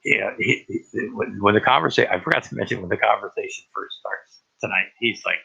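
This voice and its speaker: Gravelly man with a tense, sharp edge; halting, profane rambling, lo-fi recording. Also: on the low side. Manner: halting, profane, many restarts. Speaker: vlogger. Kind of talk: rambling personal monologue. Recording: dull lo-fi recording.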